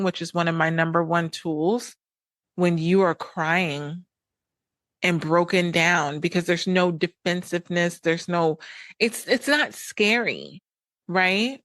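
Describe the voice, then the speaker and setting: A woman's voice: fairly low pitch, fairly bright tone, no room sound. A woman podcast host and coach giving direct relationship advice in a blunt, emphatic monologue, repeating points for weight.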